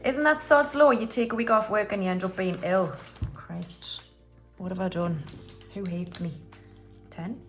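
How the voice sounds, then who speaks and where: A woman, talking in a loose, chatty way as she counts money out loud for her viewers. Her voice sits at a medium pitch, with offhand asides between the numbers. Light music plays faintly underneath. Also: normal speed. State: slightly unwell, clearing throat. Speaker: budgeting YouTuber. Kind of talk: casual chatty voiceover while counting cash.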